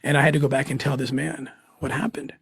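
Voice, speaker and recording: A middle-aged man recounting a story as an interview guest, earnest and halting, with frequent restarts and moments where he chokes up. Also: mid-range voice, flat delivery, vocal fry, husky, dry recording, studio quality. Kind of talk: emotional storytelling.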